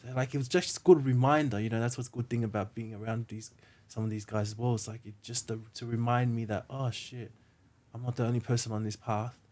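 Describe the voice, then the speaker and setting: A man's voice: mid-range voice, steady tone, a little fast, a little mellow. A man, a podcast guest, telling stories earnestly in a casual way, often saying "like". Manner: earnest storyteller, says "like" and "mate" a lot.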